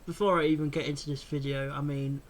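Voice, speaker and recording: A fuming fan vlogger tears into his club, swearing at nearly every turn. His voice sits fairly high, and he rants with hot, unrelenting anger. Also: little pitch movement, fast talker. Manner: furious, heavily swearing, ranting. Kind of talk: angry fan rant vlog.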